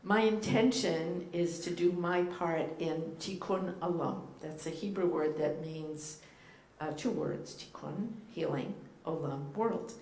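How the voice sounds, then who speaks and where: Low-voiced woman with a Boston accent. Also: slow, few pauses, darkish tone. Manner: playful, teacherly, with frequent ums and uhs. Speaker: guest rabbi speaker. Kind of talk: informal sermon to a congregation. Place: church sanctuary. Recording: echoey room, faint background noise.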